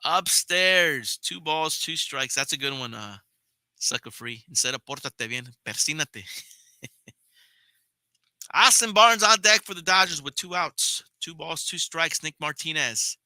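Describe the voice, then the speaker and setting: A man's voice: on the high side, lively intonation, measured pace, pushed and bright, dry recording. A young man hosting a podcast, giving casual live play-by-play of a baseball game, chatting with viewers and swearing now and then. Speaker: podcast host and play-by-play caller.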